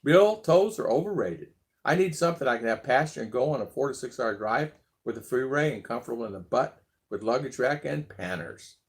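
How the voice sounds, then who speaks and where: A man's voice: medium pitch, expressive, a little fast. A man hosting a casual live stream, chatting loosely and reading out viewer comments, often laughing as he rambles. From abroad, living in the Philippines.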